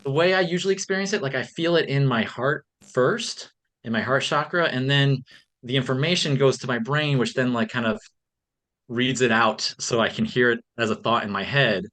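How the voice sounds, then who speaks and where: A man's voice: medium pitch, normal speed, a bit bright. A man speaking as a podcast guest in a casual interview, earnest and reflective, with frequent "um" and "like". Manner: earnest, reflective, many fillers.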